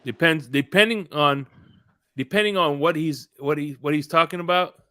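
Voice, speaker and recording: A man's voice: a little high, normal speed, sharp tone, no echo. A man hosting a casual sports podcast, joking and often stumbling and restarting his words. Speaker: podcast host.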